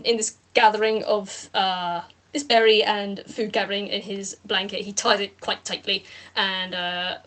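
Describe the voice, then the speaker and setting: A woman's voice: mid-range voice, fairly bright tone. A woman running a tabletop game as game master, narrating in a rambling way with many fillers.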